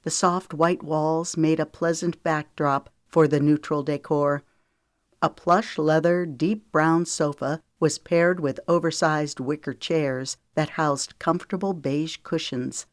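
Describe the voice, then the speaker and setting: A woman narrating a romance audiobook in a calm, measured way. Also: sits low, no room sound, clean studio sound. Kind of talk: scripted narration.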